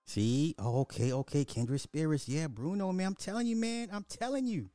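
A man's voice: on the high side, moderate pace, no room sound, studio quality, soft background music. A middle-aged man hosting a podcast, telling stories in casual chat with frequent laughs and swearing. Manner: animated storytelling, laughs often, swears. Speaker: podcast host.

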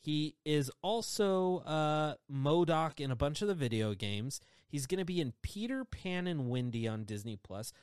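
A man hosting a podcast, chatting quickly and excitedly about entertainment news and laughing often. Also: on the high side, clean tone, dry recording, studio quality. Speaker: podcast host.

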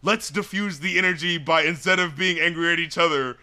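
Bright-voiced man in rambling music chat. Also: on the high side, a little fast. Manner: animated, rambling, full of "like" and "you know"; acts out lyrics and studio scenes in loud put-on voices. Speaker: podcast co-host reviewing albums. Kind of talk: casual album review chat.

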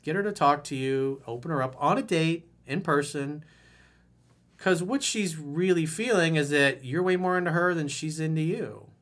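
A man's voice: on the high side, moderate pace, a bit bright. A middle-aged male dating coach giving blunt, frank advice in a monologue, acting out quotes along the way.

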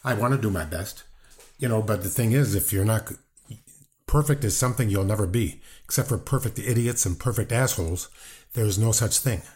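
An older man, a wrestling guest and brother of the subject, answers in a casual interview with a fairly low, darkish voice at a moderate pace. He's blunt and defensive, rambling, restarting and swearing.

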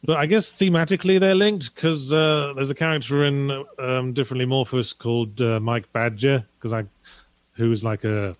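A sardonic man chats casually as a podcast co-host. His voice sits at an ordinary pitch and is recorded close on the mic, with no room sound around it. He talks with a deadpan, wry manner. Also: moderate pace, no echo. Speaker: podcast co-host reading viewer donations. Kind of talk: casual chat.

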